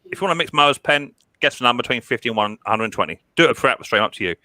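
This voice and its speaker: A man, hosting a casual livestream chat, chatty and quick to laugh, often repeating himself. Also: mid-range voice, expressive, bright, forceful tone, no room sound. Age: 30s. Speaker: livestream host.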